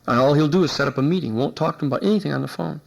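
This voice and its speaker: A man giving a university lecture, telling an anecdote in an animated way and acting out the people he quotes. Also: on the high side, very fast, creaky, poor audio. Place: lecture hall.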